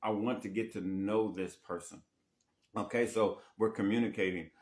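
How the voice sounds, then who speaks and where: Lowish-voiced man coaching on dating. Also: steady tone, moderate pace, darkish tone. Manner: repeats phrases, asks rhetorical questions with "right?". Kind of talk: casual teaching monologue.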